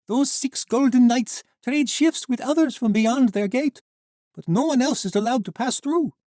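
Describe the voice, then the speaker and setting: Dude doing a high-pitched tired refugee woman, earnest, storybook read. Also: moderate pace, darkish tone, no room sound, studio quality. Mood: weary. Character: weary trapped woman refugee.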